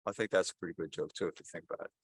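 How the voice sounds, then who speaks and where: An older priest speaks to his congregation in a loose, chatty manner, wandering and correcting himself as he goes. His voice sits at an ordinary pitch. The sound is close and dry. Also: rapid-fire, breathy edge, dry recording. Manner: conversational, rambling, self-correcting. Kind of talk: sermon with jokes and storytelling.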